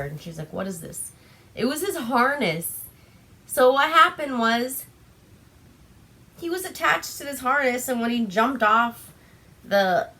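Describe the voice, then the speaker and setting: A woman's voice: a little high, sharp tone. A young woman from Alaska hosting a casual movie recap, chatty and giggly with lots of fillers, a little tipsy on wine. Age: young adult. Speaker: vlog host.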